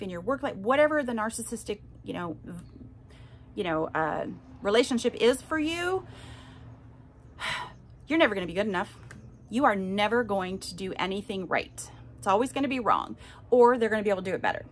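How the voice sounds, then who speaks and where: There's slight background noise behind this woman's medium-pitched voice as she hosts her podcast. Telling listeners her own story, she's candid and emphatic, regularly pausing to ask them "okay?"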